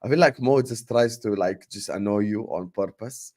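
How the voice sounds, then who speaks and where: A young man hosting a casual football debate livestream, animated and full of banter and fillers, while fasting. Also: on the low side. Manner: animated, banter-heavy, lots of filler phrases. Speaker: football podcast host.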